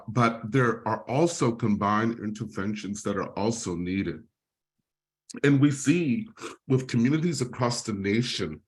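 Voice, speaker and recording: A middle-aged man giving a talk on a video call, telling his own recovery story, close to tears and apologetic at times. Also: mid-range voice. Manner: emotional, tearful at moments, apologetic. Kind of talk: presentation with personal testimony.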